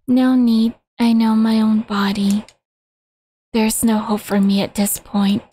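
A woman voicing a dying young girl who pleads weakly and slowly, close to a whisper. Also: on the high side, flat delivery, dark tone, slight background noise. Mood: weak, pleading.

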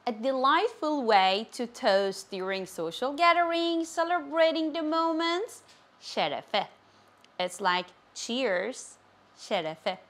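Slow, careful woman teaching phrases. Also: sits high, a bit bright. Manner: repeats each phrase slowly and carefully. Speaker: language teacher. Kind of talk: slow, clear language lesson.

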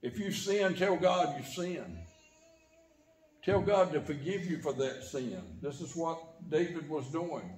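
A man's voice: slow pace, a little mellow. Man preaching in an echoey church. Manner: preaching with sudden rises and drops in pitch and volume. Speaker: pastor. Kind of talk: sermon. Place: church sanctuary.

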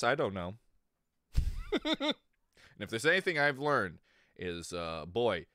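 In a studio-quality recording with no echo, a man with a medium-pitched, slightly bright voice livestreams. He chats casually and crudely with his chat viewers, rambling and laughing often.

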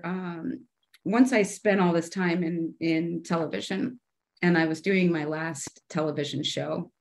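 A middle-aged woman, a former television showrunner, chatting in an interview and acting out her past dialogue in a brighter voice. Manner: animated, chatty, acts out her own past dialogue in a higher voice. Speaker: podcast guest, television showrunner turned artist. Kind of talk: casual interview storytelling.

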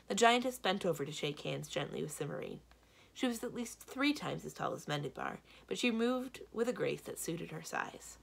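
A woman librarian reads a children's novel aloud in a steady storytelling manner. Her voice is low and gravelly with a slightly husky edge. Her pitch moves a lot, rising and falling as she tells the story. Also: moderate pace. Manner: steady storytelling, varied delivery. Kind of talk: children's book read-aloud narration.

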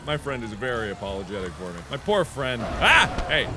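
A man in his twenties doing excitable let's play commentary, joking, yelling and laughing over a game. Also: mid-range voice, normal speed, few pauses, noisy background. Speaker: gaming YouTuber.

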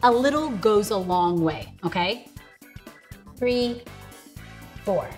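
A woman's voice: mid-range voice, expressive, takes it slowly, long pauses, darkish tone, soft background music. A woman hosting a casual cooking tutorial in her home kitchen, chatting straight to viewers and laughing often. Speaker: host.

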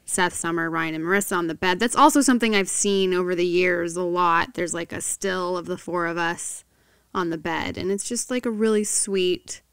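A woman's voice: on the low side, moderate pace, smooth, dry recording. A woman co-hosting a casual podcast, chatty and full of praise for the guest. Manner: warm praising, chatty with "like" fillers. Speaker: podcast co-host.

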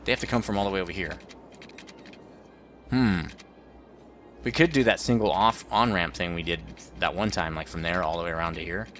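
A man's voice: low voice, fairly even intonation, brisk, long pauses, a bit bright, faint music behind. A man rambling through let's play commentary as the host of a gaming channel, joking about his own mistakes.

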